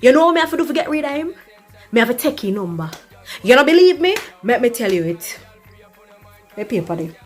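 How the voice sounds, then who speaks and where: A woman's voice: on the high side, big pitch swings, brisk, long pauses, faint music behind. A woman playing a blunt Jamaican party girl. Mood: dismissive. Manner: patois-laced, lecturing and dismissive. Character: young Jamaican woman, blunt, unbothered and mocking. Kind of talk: comedy skit acting.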